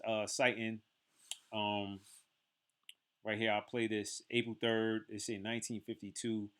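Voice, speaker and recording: A man teaching from the Bible in a loose, conversational way, full of fillers and restarts. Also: mid-range voice.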